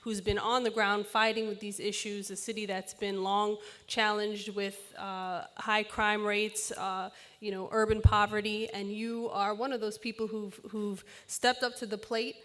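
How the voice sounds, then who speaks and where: A woman moderating a panel, introducing the next speaker in a halting way with many fillers. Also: medium pitch, level tone, a bit bright.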